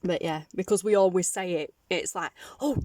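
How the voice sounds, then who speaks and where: A woman's voice: fairly low pitch, normal speed, darkish tone, no echo. A woman with a Northern English accent chatting casually to her viewers, rambling and giggly. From Northern England. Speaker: craft vlogger. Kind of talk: casual chat to camera.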